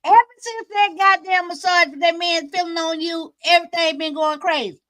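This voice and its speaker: High-voiced woman hosting a casual live chat, a blunt, teasing friend. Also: steady tone, moderate pace, sharp tone, dry recording. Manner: teasing, blunt, motherly advice.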